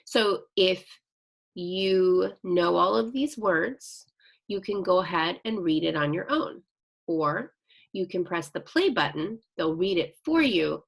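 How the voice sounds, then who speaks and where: A woman teaching young children in a recorded online lesson, speaking slowly, patiently and encouragingly as she reads sentences aloud with care. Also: lowish voice, gravelly. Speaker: second grade teacher.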